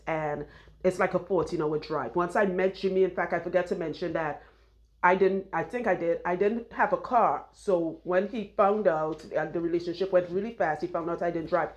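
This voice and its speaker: A woman's voice: fairly low pitch, fairly even intonation, normal speed. A woman chatting casually while her hair is done, rambling and laughing often, on a clip-on mic. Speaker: loctician and vlogger.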